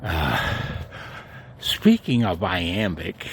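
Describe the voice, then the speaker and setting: A folksy man talks straight to his viewers in a relaxed, rambling way, laughing under his breath between thoughts. His pitch sits in a middle range and he takes his time. A soft hiss of background noise sits under his voice. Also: slow pace, pauses often. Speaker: amateur radio vlogger. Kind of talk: casual rambling vlog chat. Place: home and yard.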